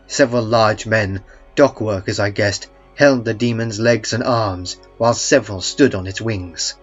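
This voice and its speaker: A man reading a first-person horror story in a calm, dry, understated way. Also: on the low side, moderate pace. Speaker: narrator. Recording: muffled, with faint music beneath.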